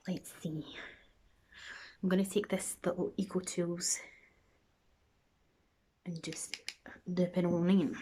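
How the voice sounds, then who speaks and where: A woman's voice: fairly low pitch, darkish tone, slightly rough. A woman with a Scottish accent chatting and rambling through a makeup tutorial for her vlog, often dropping into a near whisper. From Scotland. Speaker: makeup vlogger.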